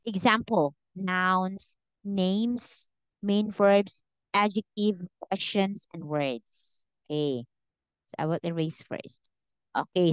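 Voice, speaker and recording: Woman english teacher, kinda high voice, dry close mic, lots of okays. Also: clean tone, no echo, poor audio. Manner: slow, patient explaining with many okays. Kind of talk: one-on-one online English lesson.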